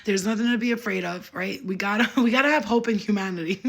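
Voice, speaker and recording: A woman's voice: medium pitch, quick pace, gravelly. A young woman vlogging casually about spirit and channeling, laughing often and swearing in slang. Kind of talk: casual chat to camera.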